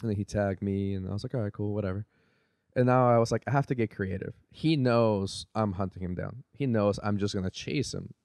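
A man's voice: on the low side, a little fast, a little mellow, clear, resonant tone, dry recording, studio quality. A man telling a story in casual chat as a podcast guest, acting out the quotes with animation.

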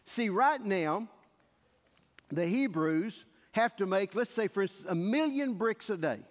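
A male pastor preaching a sermon in a church sanctuary, telling the story in an animated way and acting out the scenes. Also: sits high, unhurried. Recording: echoey church hall.

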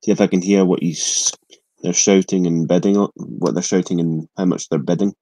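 A man's voice: deep voice, fairly even intonation, moderate pace, mellow, no room sound, poor audio. A man playing a tabletop game, plainly stating his character's actions. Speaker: player. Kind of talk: casual tabletop game play.

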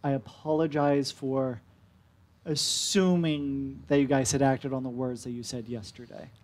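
A man's voice: mid-range voice, steady tone, measured pace, darkish tone, lightly acted. A man playing an officious town mayor. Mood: placating. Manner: stiff, officious speech. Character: formal middle-aged woman town mayor.

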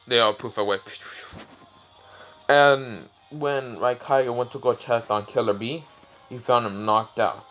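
A man's voice: mid-range voice, measured pace, a bit bright, faint music behind, poor audio. A man casually narrating a fan story, rambling and searching for words as he goes. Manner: rambling, fillers like "what's it called".

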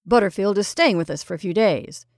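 Lady doing a loud hearty older gent, booming, bossy, bit stern, dry close sound. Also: a little fast, no room sound, lightly acted. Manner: booming and exclamatory. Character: hearty, stern middle-aged gentleman of the house.

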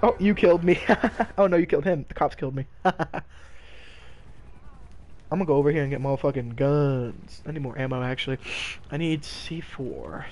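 A young man streaming a game, talking casually with loud, profane, laughing trash talk. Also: medium pitch, animated, moderate pace, long pauses. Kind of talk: casual gaming stream commentary.

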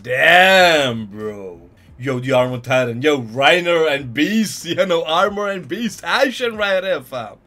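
A man hosting an anime reaction video, commenting live in an excitable way and tossing in "yo" and "man" a lot. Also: fairly high pitch, slow pace. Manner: excitable, repeats "yo" and "man", bursts into laughs and shouts. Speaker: anime reaction channel host.

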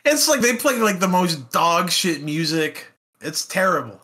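Lively, bright-voiced young man joking. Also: sits high. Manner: laughing, profane, jokey, puts on quick silly voices. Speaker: podcast co-host. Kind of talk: casual podcast chat.

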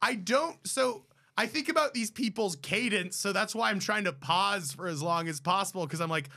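High-voiced man rambling on a comedy podcast. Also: normal speed, pushed and bright. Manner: hesitant, rambling, laughing. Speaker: podcast co-host. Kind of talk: casual comedy chat.

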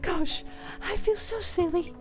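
A woman voicing a tearful middle-aged woman who is overwhelmed with emotion, in a high, wavering voice that breaks into sobs. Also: takes it slowly, faint music behind.

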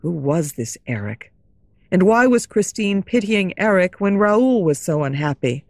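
Woman narrator, low pitch, lively melody, slow and careful, dry studio sound. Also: no room sound. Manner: slow, clear, expressive storytelling. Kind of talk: scripted story narration for English learners.

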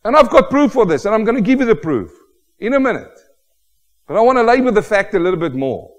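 A man's voice: sits high, sing-song, quick pace. Emphatic preacher man in a reverberant hall. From Australia. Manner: emphatic, rising to exclamations. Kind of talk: sermon. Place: church hall.

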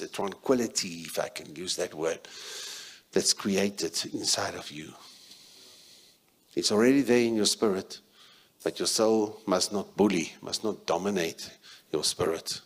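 A South African man preaching a sermon as a pastor, emphatic, shifting between loud and soft passages. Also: low-pitched, unhurried, slightly rough.

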